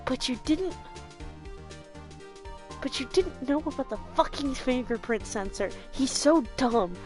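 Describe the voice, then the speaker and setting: A woman streaming a game, reacting with profane, mocking comments. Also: high-pitched. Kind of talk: let's-play commentary. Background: game music.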